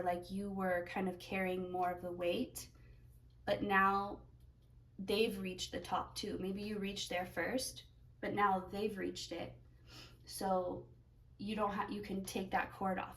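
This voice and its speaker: A woman's voice: mid-range voice, recorded from a distance, rough recording. A woman giving a pick-a-card tarot reading, talking in a rambling way as she searches for words. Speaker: tarot reader.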